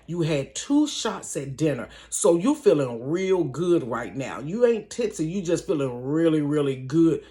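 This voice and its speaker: A middle-aged woman in her bedroom telling a personal story to viewers in a casual, animated, slangy way, often speaking to them directly. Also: low voice, a little slow, hardly any pauses. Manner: animated, slangy, keeps addressing listeners directly.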